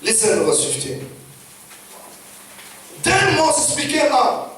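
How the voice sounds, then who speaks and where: A Kenyan-accented male pastor preaches with a high, emphatic voice that swings between loud and hushed passages. He sounds set back from the microphone, and the church hall wraps every word in heavy echo. A faint background noise runs underneath. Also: huge pitch swings, slow pace. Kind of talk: sermon. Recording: echoey hall, distant mic, faint noise.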